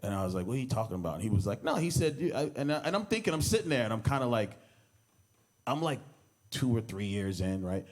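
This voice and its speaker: With a mid-range voice that swings widely in pitch, a comedian speaks fairly quickly at a memorial. His eulogy is casual and rambling, full of stories where he acts out what people said and laughs as he goes.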